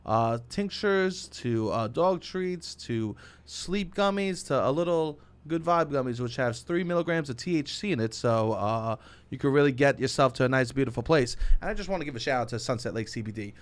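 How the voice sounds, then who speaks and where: A young man with a New York accent, co-hosting a podcast in loud, joking banter and reading ads. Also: medium pitch, expressive, normal speed. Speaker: podcast co-host. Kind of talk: casual podcast banter and ad read.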